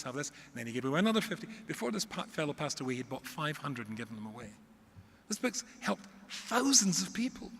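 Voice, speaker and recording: Middle-aged rabbi spinning funny stories, long hall echo, faint background hum. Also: male voice, mid-range voice. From Scotland. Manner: animated storyteller with comic exaggeration. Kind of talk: storytelling talk to a live audience. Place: large hall. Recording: echoey hall with faint ambience.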